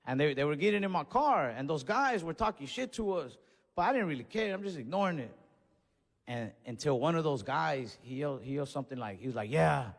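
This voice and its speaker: A man telling a stand-up story into a handheld mic, his voice ringing with a long hall echo. He sits a little high for a man and acts out the people in his tale with lively swings. The delivery is loose and conversational. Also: normal speed, long pauses. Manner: animated, acts out voices and yells in his stories. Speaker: stand-up comedian. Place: comedy club stage. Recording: stage mic in a reverberant venue.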